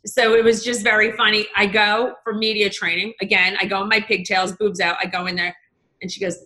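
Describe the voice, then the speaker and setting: A woman's voice: mid-range voice, little pitch movement, a little fast, bright, forceful tone. A woman guest in casual chat, telling stories bluntly and acting out quoted dialogue. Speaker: podcast guest.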